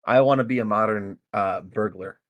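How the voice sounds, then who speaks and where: A man's voice: on the low side, moderate pace. A man co-hosting a podcast in casual chat, teasing and pushing his co-host with banter.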